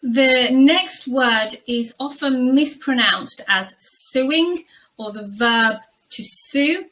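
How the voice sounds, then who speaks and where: A woman with a British English accent teaching pronunciation, saying each word slowly and carefully and repeating it. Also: a little high, sharp tone, rough recording. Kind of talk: pronunciation lesson.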